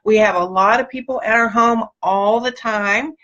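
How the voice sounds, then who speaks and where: A woman's voice: a little high, normal speed, fairly bright tone, muffled recording. A middle-aged woman hosting a casual live video chat, greeting viewers by name in an upbeat, gushing way. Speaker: host.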